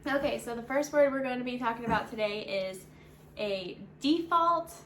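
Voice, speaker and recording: A woman with a fairly high voice introduces vocabulary briskly and reads out example sentences for a lesson. Her voice rings in an echoey room over faint background noise. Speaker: English teacher, co-host. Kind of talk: casual teaching.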